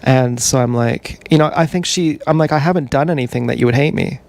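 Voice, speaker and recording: Gravelly-voiced man rambling on a livestream. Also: medium pitch, a little mellow, no room sound. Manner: meandering, halting storytelling with many fillers. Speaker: streamer.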